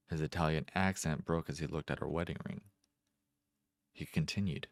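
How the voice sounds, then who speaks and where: A man narrates a first-person short story in a very deep voice. He reads at a measured, deliberate pace with careful pauses, recorded close and dry. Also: steady tone, vocal fry, dry recording. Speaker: amateur narrator.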